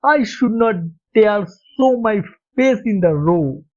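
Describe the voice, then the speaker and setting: A man reading the part of a hapless, embarrassed young gentleman who talks in a flustered, self-reproaching way, on a dull lo-fi recording. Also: high-pitched, expressive, slow. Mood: dismayed.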